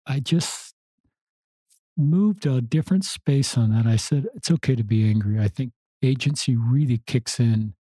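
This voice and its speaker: Mellow, husky-voiced male podcast host. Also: medium pitch, no echo. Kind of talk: casual interview talk.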